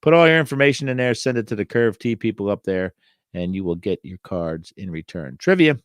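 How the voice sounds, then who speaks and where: A man's voice: lowish voice, animated, brisk, dry recording, studio quality. A middle-aged man hosting a sports card show, reviewing old cards in a casual, wry way with many fillers and joking asides.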